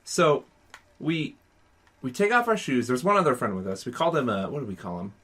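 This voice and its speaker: A man's voice: mid-range voice, fairly quick, slightly rough. A man co-hosting a podcast, telling a casual story and acting out his friends' lines with animation. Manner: animated, acts out friends' voices. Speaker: podcast co-host.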